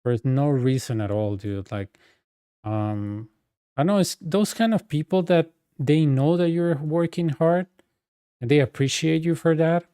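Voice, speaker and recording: Mellow-voiced man. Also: fairly high pitch, unhurried, clean tone, no room sound, clean studio sound. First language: Spanish. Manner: rambling, full of fillers and asides. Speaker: game streamer. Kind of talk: casual storytelling chat.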